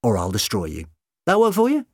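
A man's voice: medium pitch, wildly swooping pitch, a little fast, dry recording, studio quality. A man voicing a sly, bargaining male ship's doctor in a storybook reading, wheedling and pleading.

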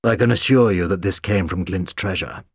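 Secretive gold-obsessed man read by a man, low murmur, audiobook character, dry. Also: moderate pace, vocal fry, husky, no room sound, heavily acted. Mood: hushed. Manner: hushed murmur.

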